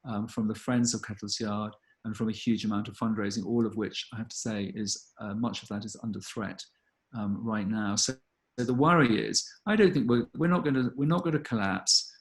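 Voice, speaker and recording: A man, a gallery director answering audience questions in an earnest, thoughtful way with many pauses and ums. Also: on the low side, fairly even intonation. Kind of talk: live online Q&A talk.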